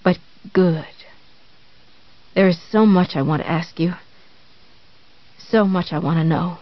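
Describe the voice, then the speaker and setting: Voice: medium pitch, slow, dry recording, close to an everyday voice. A narrator reading an audiobook and voicing an obsessive, unstable woman caretaker with an earnest, cloying, prim manner. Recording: dry, slightly dull recording.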